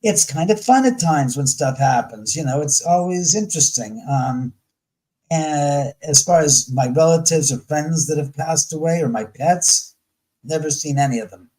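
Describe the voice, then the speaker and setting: Blunt, animated man on a call. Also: on the high side, normal speed, rough recording. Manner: blunt, profane and animated, acting out quoted voices. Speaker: guest. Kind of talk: casual chat.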